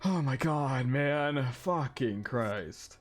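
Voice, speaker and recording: A man's voice: medium pitch, animated, extremely slow, soft background music. A man hosting an anime reaction video, talking effusively and emotionally, swearing freely. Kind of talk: casual reaction commentary.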